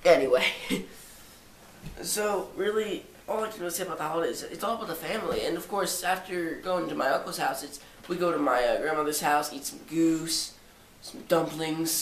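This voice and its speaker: A man's voice: on the high side, normal speed, reverberant, distant mic, slight background noise. A seventeen-year-old boy with a stuffy nose, vlogging casually at home, rambling with jokey self-mocking asides. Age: 17, teenager. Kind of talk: casual holiday vlog. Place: living room by a tall Christmas tree.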